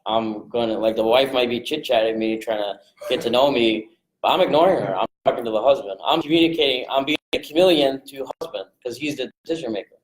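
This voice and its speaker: A man coaching a group on sales rapport in a casual, energetic way, jumping into quick voices to act out phone calls. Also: mid-range voice, roomy sound, slight background noise, rough recording. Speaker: real estate investing coach.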